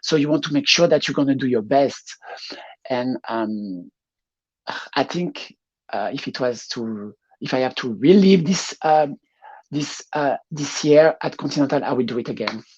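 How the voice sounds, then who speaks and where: A woman's voice: rumbling low, moderate pace, breathy edge. Woman with a French accent, lo-fi. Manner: warm, laughing often, searching for words. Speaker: guest, pageant showgirl. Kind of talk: casual interview.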